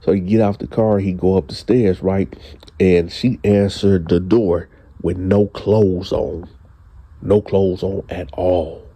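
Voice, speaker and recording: A man telling a story in casual, colloquial slang, retelling dialogue in quick back-and-forth. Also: sits low, steady tone, mellow, breathy edge, no echo. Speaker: storyteller host.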